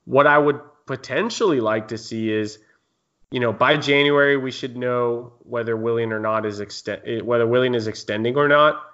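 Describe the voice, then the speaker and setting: A man's voice: medium pitch, normal speed, fairly bright tone, highs cut off. A man hosting a casual sports podcast, chatting and reading listener questions. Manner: conversational, reads listener questions. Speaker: podcast host.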